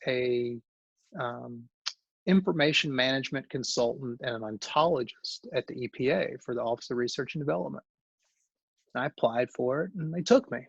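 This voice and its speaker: A man's voice: mid-range voice, no echo. A man, an engineering librarian, telling his career story in an informal talk, rambling and correcting himself as he goes. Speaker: guest speaker, engineering librarian. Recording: dull lo-fi call audio.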